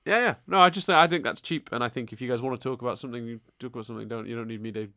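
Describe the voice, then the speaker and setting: Fast-talking man rambling on a podcast. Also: medium pitch, pushed and bright, no echo, clean studio sound. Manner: rambling, with many restarts and repeated words. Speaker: podcast co-host. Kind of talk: casual chat.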